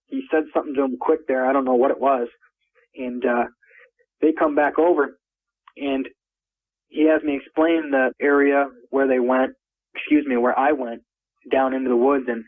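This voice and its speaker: Husky man telling his story by phone. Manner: rambling, repeats words, climbs in pitch when excited. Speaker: caller recounting an encounter. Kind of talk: first-person story told over the phone. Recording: tinny phone line.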